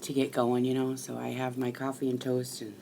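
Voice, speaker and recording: A middle-aged woman rambling casually to live-stream viewers while she crafts at home, chatty and quick to swear. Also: rumbling low, completely flat delivery, vocal fry, warm tone, slight background noise.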